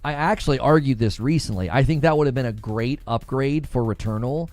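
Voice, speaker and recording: A man at a middling pitch rambles through casual live-stream commentary, restarting sentences and leaning on fillers. He reads viewer comments aloud and answers them as he goes. Faint music plays in the background. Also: a little fast, darkish tone, dry recording. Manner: rambling, repeats words, many fillers. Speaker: gaming streamer.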